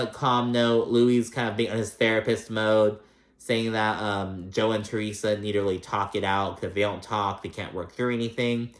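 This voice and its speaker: Profane, animated man in an echoey room. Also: mid-range voice. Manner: profane, animated, acts out quotes. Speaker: host. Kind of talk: casual recap commentary.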